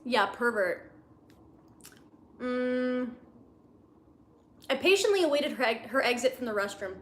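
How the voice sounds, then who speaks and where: A woman's voice: a little high, lively intonation, slow pace, a bit bright. A young woman livestreaming from home, reading fan fiction aloud and breaking off to laugh and make sarcastic remarks. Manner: laughs often, mocking asides. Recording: echoey room.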